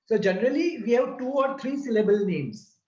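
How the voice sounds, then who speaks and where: A man giving a slow, deliberate lesson that explains a prayer and breaks its words into syllables. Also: extremely high pitch, lively intonation, dark tone. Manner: deliberate, repeats and spells out syllables. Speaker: religious teacher. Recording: roomy, slightly dull sound.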